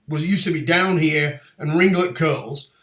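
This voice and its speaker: A man in his fifties hosts an interview with a fairly high voice, telling stories with lively energy and frequent laughter. The sound rings in a roomy, echoey space. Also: measured pace. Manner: lively storyteller, laughs often. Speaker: podcast host. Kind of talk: casual interview chat. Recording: roomy echo.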